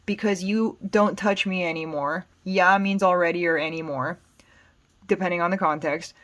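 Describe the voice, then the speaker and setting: A woman's voice: lowish voice, steady tone, normal speed, a bit bright. A woman with an American accent teaching Spanish, patiently explaining song lyrics word by word. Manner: patient, plain explanations with fillers.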